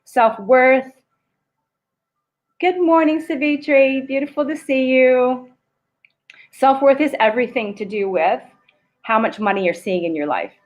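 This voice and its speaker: A woman's voice: sits high, moderate pace, rough recording. Woman, spiritual coach on a live stream; emotive, earnest guided-meditation delivery. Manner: earnest, emotive, swearing at times. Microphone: live stream camera.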